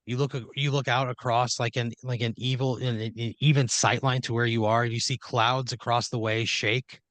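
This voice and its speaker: A man's voice: mid-range voice, flat delivery, normal speed, fairly bright tone, no room sound. A man hosting a comedy podcast, improvising a rambling, profane story in the second person, often restarting his sentences.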